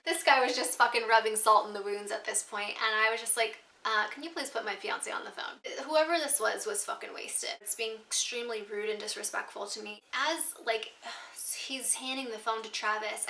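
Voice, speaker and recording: A woman's voice: a little high, moderate pace, bright, forceful tone, distant mic. A woman in her twenties telling a storytime vlog, candid and upset, swearing freely as she recounts her grievance. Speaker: vlogger. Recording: roomy echo, mic set back.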